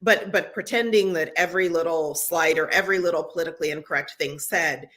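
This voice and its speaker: A woman's voice: fairly low pitch, fairly quick, a bit bright. A middle-aged woman co-hosting a podcast, talking earnestly in casual conversation with frequent restarts. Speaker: podcast co-host.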